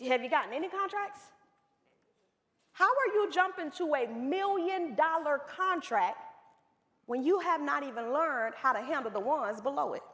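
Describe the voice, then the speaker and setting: A high-voiced woman coaching a live audience on business, her pitch leaping up and down as she tells stories and talks straight to the crowd. Her voice carries a long reverb from a large hall. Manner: animated storytelling, addresses the room directly. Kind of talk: seminar talk to a live audience.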